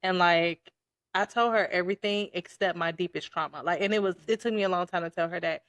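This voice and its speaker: A woman's voice: fairly low pitch, fairly quick, no room sound, studio quality. A young woman hosting a casual podcast chat, an empathetic listener who speaks openly about motherhood. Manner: warm, empathetic listener, emotional. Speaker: podcast host.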